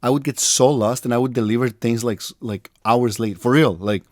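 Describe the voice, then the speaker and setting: A man's voice: mid-range voice, a little fast, darkish tone, no echo. A man, a podcast host chatting casually and joking about himself. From Mexico City. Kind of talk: casual interview chat.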